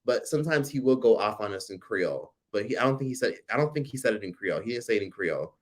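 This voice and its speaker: Animated, profane man telling a story. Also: on the low side, quick pace. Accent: American. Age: 40s. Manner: animated storytelling, frequent profanity, reads chat aloud. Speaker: livestream host. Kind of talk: casual livestream chat.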